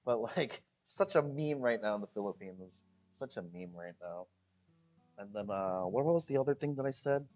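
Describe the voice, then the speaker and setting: Animated man ranting on a livestream. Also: fairly low pitch, normal speed, dull audio, faint music behind. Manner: animated, joking rants with mocking voices. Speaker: livestream host. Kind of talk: casual livestream chat.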